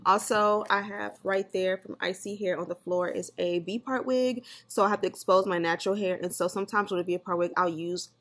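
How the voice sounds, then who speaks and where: Chatty mom vlogging to camera. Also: female voice, fairly quick, few pauses. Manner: chatty and candid, with lively jumps in pitch. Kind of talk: casual vlog chat to camera.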